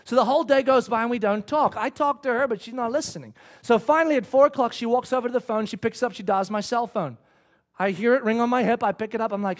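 A middle-aged man preaching a sermon, telling stories and acting out the quotes with lively energy. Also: very high-pitched, fast talker. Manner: animated storytelling, acting out quotes.

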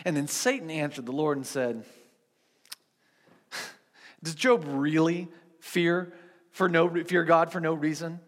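High-voiced pastor preaching in a reverberant hall. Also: male voice, measured pace, long pauses. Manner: conversational, animated storytelling with many restarts. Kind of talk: sermon. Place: church with seated congregation.

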